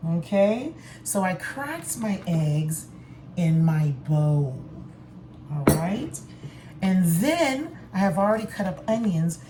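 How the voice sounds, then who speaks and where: An older woman chatting playfully through a home cooking video in her kitchen. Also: mid-range voice. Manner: chatty, playful, breaks into song. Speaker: home cook vlogger. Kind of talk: casual cooking vlog. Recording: echoey kitchen with cooking noise. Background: cooking sounds, sizzling pan.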